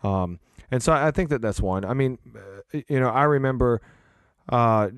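A man's voice: mid-range voice, normal speed, smooth, no echo, studio quality. A man hosting a podcast, talking earnestly in a casual, rambling way with fillers and restarts. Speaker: podcast host, church leader.

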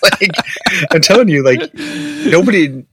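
A man's voice: high-pitched, sing-song, a little slow, a little hiss or hum. A man co-hosting a podcast in casual chat, rambling with lots of fillers and frequent laughter. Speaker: podcast co-host.

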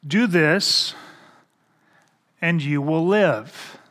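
Slow-preaching middle-aged male pastor in a reverberant hall. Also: a little high, fairly bright tone. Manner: slow, halting delivery with repeated words and rhetorical questions. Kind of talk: sermon.

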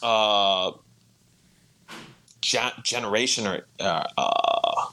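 A man with a bright, forceful voice talks eagerly on a podcast. He rushes through his points in quick bursts and laughs easily along the way. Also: lowish voice. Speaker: podcast co-host. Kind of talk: casual chat.

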